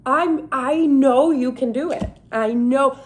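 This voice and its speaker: A woman's voice: high-pitched, takes it slowly, pitched above the performer's own voice. A woman voicing a smug, cheeky man at his computer who talks down to her.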